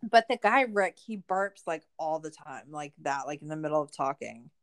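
A woman's voice: deep voice, animated, moderate pace. A woman casually recapping a documentary episode, chatty and saying "like" a lot as she acts out the quotes. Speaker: podcast co-host.

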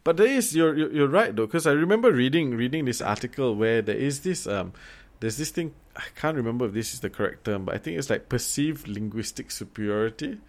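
A man's voice: mid-range voice, lively intonation, a little fast, hardly any pauses. A man co-hosting a podcast in casual chat, talking loosely with lots of fillers and restarts and the odd swear. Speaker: podcast co-host.

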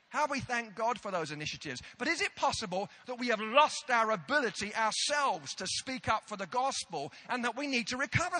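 A man's voice: very high voice, bright, forceful tone. A British man preaching a sermon, telling a self-deprecating story with comic timing.

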